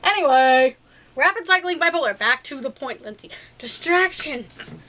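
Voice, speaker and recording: A woman's voice: high-pitched, lively intonation, normal speed, bright, forceful tone. A young woman vlogger talking casually, rambling with lots of fillers and little laughs at herself. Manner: rambling and self-deprecating, filler-heavy, giggly. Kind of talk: casual personal vlog talk.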